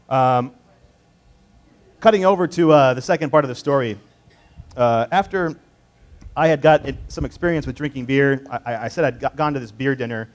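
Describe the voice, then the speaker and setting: Easygoing man telling stories at a tasting. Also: medium pitch. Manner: conversational, rambling with fillers and restarts. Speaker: beer importer representative presenting a tasting. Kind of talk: casual tasting class talk with personal story. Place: indoor tasting class.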